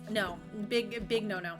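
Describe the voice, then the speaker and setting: A woman's voice: mid-range voice, slow, music in the background. A young woman from Florida chatting casually while streaming a game, rambling, laughing often and swearing freely.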